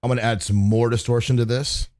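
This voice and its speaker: A man's voice: medium pitch, level tone, fast talker, darkish tone, a little hiss or hum. A man casually talking through his mixing work on a livestream, swearing freely as he explains each step. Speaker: mixing engineer teaching on a livestream.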